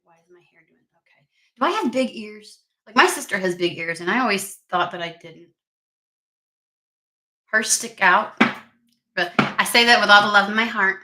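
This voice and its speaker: A woman's voice: medium pitch, lively intonation, moderate pace, pauses often, pushed and bright, echoey room. A woman hosting a casual tarot reading vlog, chatty and rambling, with allergies. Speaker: tarot reader.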